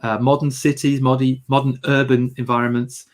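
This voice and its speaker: Speaking briskly in a level tone at medium pitch, this British host runs a photography livestream, where he greets viewers with a touch of humour and keeps the chat casual.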